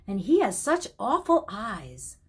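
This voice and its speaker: A woman reading aloud, voicing a miserable, excitable young boy in an audiobook, speaking in agitated, near-tearful outbursts. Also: medium pitch, takes it slowly, slightly rough, exaggerated voice. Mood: wound up.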